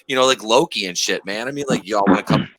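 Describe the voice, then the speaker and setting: A man with a lowish, bright and forceful voice, joking around on a podcast. He talks crudely and brashly and laughs a lot between lines. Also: lively intonation, fast talker, dry recording, rough recording. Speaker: podcast co-host. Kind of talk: casual banter.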